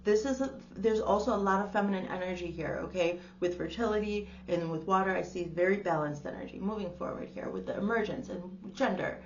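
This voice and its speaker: A woman's voice: mid-range voice, a little fast, few pauses, highs cut off, slight background noise. A woman giving a casual spiritual tarot reading to the camera. She talks in a chatty, exclaiming way and calls the listener darling. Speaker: tarot reader.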